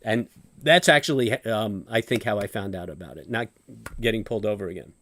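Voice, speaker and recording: A man's voice: a little fast, slight background noise. Profane, ranting man in his late forties. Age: late 40s. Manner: profane, animated, swings between loud outbursts and low mutters. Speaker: trading stream host. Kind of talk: ranting casual chat.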